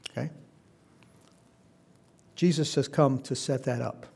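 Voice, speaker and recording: Gravelly-voiced man teaching a sermon. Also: medium pitch, fairly even intonation, slow pace, darkish tone. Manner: conversational, asks the listeners questions. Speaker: pastor.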